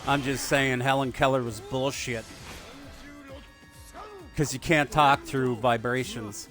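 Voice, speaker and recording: A man's voice: medium pitch, fairly even intonation, takes it slowly, fairly bright tone, soft background music. A man giving rambling, crude, digressive commentary while he plays a video game. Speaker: gaming video host. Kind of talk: rambling let's play commentary.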